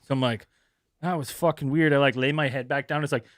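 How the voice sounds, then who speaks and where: A man co-hosting a podcast, telling a story casually, swearing a lot and acting out the people he talks about in high voices. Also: fairly even intonation, fairly quick, dry recording, studio quality. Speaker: podcast co-host.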